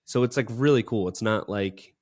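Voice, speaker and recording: Low-voiced man rambling through a story. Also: moderate pace, a little mellow. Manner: rambling, filler-heavy storytelling. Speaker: podcast co-host. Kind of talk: casual chat.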